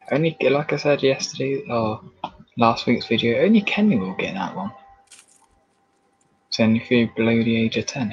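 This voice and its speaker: Teasing, laughing man, mid-pitched, dull lo-fi sound with faint noise. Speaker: co-host. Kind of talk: casual chat.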